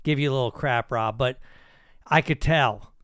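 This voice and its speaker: A man's voice: mid-range voice, moderate pace, fairly bright tone, clear, resonant tone, no echo, studio quality. A man hosting a casual podcast chat, talking in profane, rambling bursts with many restarts. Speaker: podcast host.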